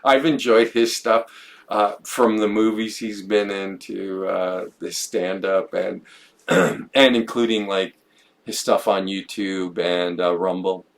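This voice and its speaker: Low-voiced man musing on a podcast. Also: fairly even intonation, takes it slowly. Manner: musing, stumbles and repeats words. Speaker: podcast co-host. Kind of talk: reflective conversational podcast talk.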